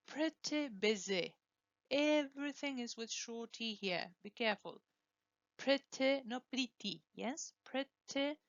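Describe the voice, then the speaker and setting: Slow, deliberate woman teaching pronunciation. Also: medium pitch, no echo, highs cut off. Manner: slow, deliberate, repeats words for students to copy. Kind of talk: pronunciation lesson with drills.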